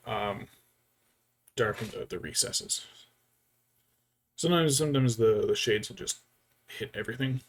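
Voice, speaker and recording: A man chats casually while he works on a miniature. His voice sits at a middling pitch. He rambles and muses to himself as thoughts come to him. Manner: rambling, thinking aloud while painting. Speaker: miniature painter. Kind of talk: casual hobby vlog chat.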